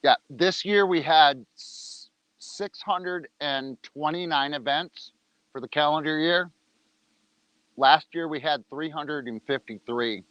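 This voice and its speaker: A man's voice: a little high, slow pace, a bit bright, no echo, low-quality recording. Man talking loosely while eating. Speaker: organization leader on a livestream. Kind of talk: casual livestream talk. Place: outdoors, rain coming.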